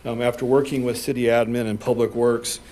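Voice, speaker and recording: A man, a police chief, briefing a city council in a plain, steady way with a touch of dry humor. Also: mid-range voice, a little fast, slight background noise.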